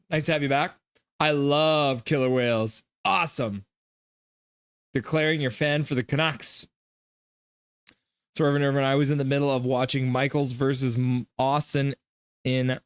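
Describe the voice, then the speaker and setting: A man's voice: mid-range voice, no echo. A man hosting a casual live stream, reading viewer comments aloud and riffing on them in a loose, chatty way. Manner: chatty, loose, many fillers. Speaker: livestream host.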